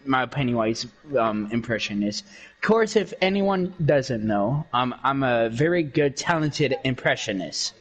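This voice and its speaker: A man's voice: medium pitch, lively intonation, measured pace. A young man chatting casually while gaming, boastful and rambling, with many fillers. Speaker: game streamer doing impressions.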